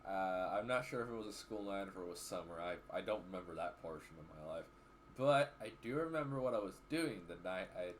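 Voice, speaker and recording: A man's voice: sits low, animated, fast, slight background noise. A man hosting a reaction video, chatting casually in a laid-back, easily amused way. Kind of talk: casual chat.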